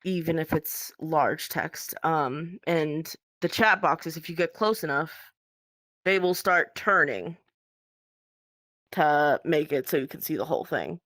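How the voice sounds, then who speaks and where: A woman speaking as a podcast guest in casual conversation, hesitant with many pauses and ums. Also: deep voice, expressive, a bit bright, no echo, studio quality.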